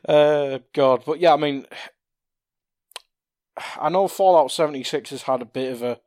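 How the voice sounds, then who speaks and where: A man's voice: on the high side, moderate pace, darkish tone, no echo. A man co-hosting a casual gaming podcast, chatty, laughing often and stumbling over words. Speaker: podcast co-host.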